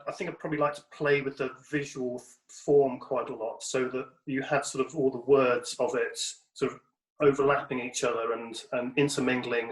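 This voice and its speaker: A man speaking as a poet guest on a radio show, thoughtful and measured. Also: mid-range voice, reverberant, low-quality recording. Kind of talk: radio interview.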